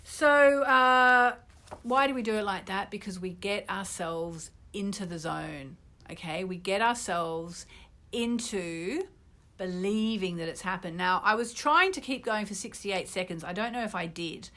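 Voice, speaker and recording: A middle-aged British woman who teaches astrology, guiding an online group through a manifestation exercise in a gently instructive way. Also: mid-range voice, measured pace. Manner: gently instructive, with bursts of loud ecstatic gratitude.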